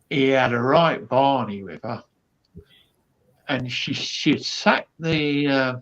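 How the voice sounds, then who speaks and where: Man, guest comedian, rambling anecdote, very slow delivery, dull sound. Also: mid-range voice, fairly bright tone. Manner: storytelling with quoted asides and fillers.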